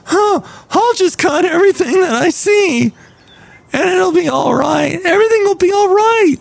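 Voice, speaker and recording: A man voicing a careless young male cable worker, in a high and giddy sing-song way. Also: expressive, moderate pace, gravelly, full character voice. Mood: carefree.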